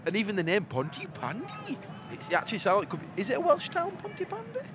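Bloke, teasing banter, fast and sing-songy. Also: male voice, high voice, slight background noise. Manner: teasing, animated. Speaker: podcast co-host. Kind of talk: casual banter.

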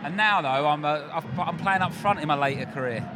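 A man's voice: a little high, fairly quick. A man who does comedy, chatting and joking in self-deprecating banter at a football match. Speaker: comedian guest. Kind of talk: casual chat. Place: football stadium stands, outdoors. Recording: noisy outdoor crowd ambience.

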